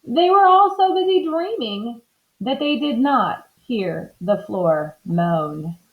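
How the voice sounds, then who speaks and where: Slow, animated woman reading a storybook. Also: fairly high pitch. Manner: expressive and animated. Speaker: storybook reader. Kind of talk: children's book read-aloud. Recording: slightly dull lo-fi recording.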